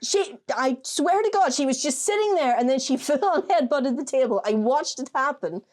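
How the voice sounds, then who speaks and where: An Irish woman co-hosting a casual chat, telling animated, sweary stories. Her voice sits fairly high and swoops widely as she gets into the tale. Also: moderate pace. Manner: animated storytelling, sweary, laughs often. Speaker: podcast co-host.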